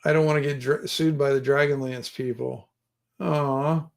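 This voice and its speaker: A man's voice: medium pitch, fairly even intonation, normal speed, gravelly. A man hosting a live stream about writing a tabletop adventure, thinking aloud in a rambling way and joking with his viewers. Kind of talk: casual live-stream chat. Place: home room with gear and books behind him.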